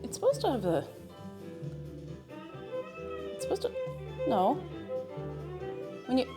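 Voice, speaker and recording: A woman's voice: high-pitched, huge pitch swings, normal speed, music in the background. A young Irish woman chatting casually on her livestream, bubbly and chatty as she greets viewers and reads their messages. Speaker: streamer.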